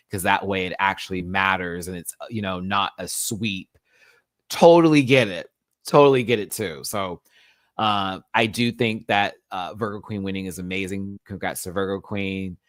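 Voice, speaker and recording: A man hosts a casual live review of a drag show, animated and sassy, swinging between loud outbursts and low mutters with some swearing. The recording is dry.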